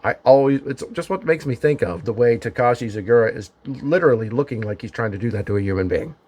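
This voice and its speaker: A man's voice: mid-range voice, quick pace, darkish tone, slightly rough. A man casually narrating and reviewing a wrestling match from home, chatty and opinionated with emphatic asides. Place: home during the daytime.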